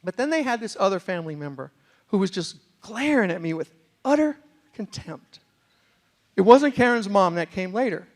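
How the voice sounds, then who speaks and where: A man giving a humorous storytelling talk on stage as a speaker, animated and acting out the voices of people in his stories. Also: high voice, normal speed. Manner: animated, acts out quoted voices.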